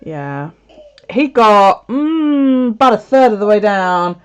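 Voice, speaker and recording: This woman from the UK speaks slowly and clearly in a medium-pitched, resonant voice with lively intonation. A video creator, she chats casually with her viewers at home, swearing freely and laughing often, and the recording sounds dull and lo-fi.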